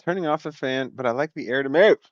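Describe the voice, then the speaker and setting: Talking fast in a mid-range voice, a man runs a casual livestream from inside his home. He rambles, interrupts himself, curses, and laughs a lot, and the recording sounds muffled.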